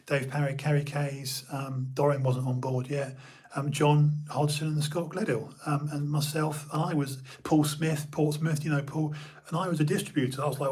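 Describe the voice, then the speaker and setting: A man's voice: medium pitch, a little mellow, breathy edge. A middle-aged man from Bournemouth, telling old stories in a rambling casual chat full of fillers and restarts. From Bournemouth, England.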